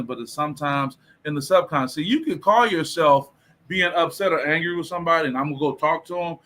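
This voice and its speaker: A man from Detroit hosting a livestream, giving a casual motivational talk on tone of voice in an animated way and reading out viewer comments. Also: fairly high pitch. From Detroit, USA. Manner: animated, preacher-like, reads viewer comments aloud.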